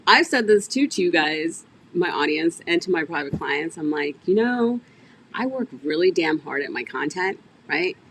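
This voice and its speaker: Woman host, business coach, lower pitch, lively and chatty on a video call, faint noise behind. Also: normal speed. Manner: animated, laughs often, addresses audience as "y'all". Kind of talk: casual interview chat.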